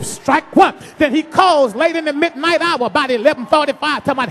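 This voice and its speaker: A male pastor preaching an animated storytelling sermon, bursting into shouts and calling on his congregation. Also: very high-pitched, quick pace, hardly any pauses. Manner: calls on the congregation.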